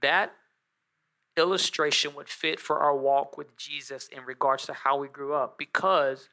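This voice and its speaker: A male pastor preaching a sermon, telling a story with animated joking asides to his congregation. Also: on the high side, measured pace.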